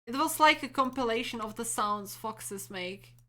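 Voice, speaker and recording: A woman's voice: on the high side, normal speed, fairly bright tone. A woman streamer chatting casually with her viewers and thinking aloud.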